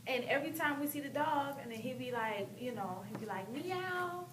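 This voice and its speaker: A woman's voice: a little high, a little fast. Chatty mother asking a question. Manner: chatty, tells a story with quoted voices. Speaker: parent in a workshop. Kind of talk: casual chat. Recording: echoey room, distant mic, noisy.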